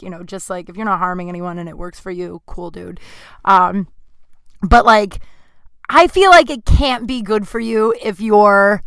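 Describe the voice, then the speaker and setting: A woman's voice: medium pitch, a bit bright, clear, resonant tone, dry recording. A woman in her thirties hosting a podcast from her apartment, rambling through casual stories with lots of fillers and asides. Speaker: podcast host. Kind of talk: casual storytelling. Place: home apartment.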